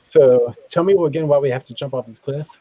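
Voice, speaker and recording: Husky-voiced joking male game host. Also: medium pitch, a little fast, dark tone, no room sound, poor audio. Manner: joking, playful. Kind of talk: casual game chat over video call.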